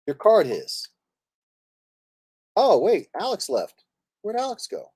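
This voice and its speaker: A male streamer talking in an animated way, his pitch jumping all over as he laughs and jokes. His voice is recorded close and dry, with no room sound. He teases his friends and swears playfully. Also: takes it slowly, breathy edge, no room sound. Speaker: streamer host. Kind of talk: casual live-stream chat while playing.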